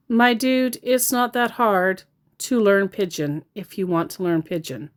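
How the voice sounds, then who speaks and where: A woman's voice: mid-range voice, unhurried. A woman giving blunt, sarcastic casual commentary as a scam baiter.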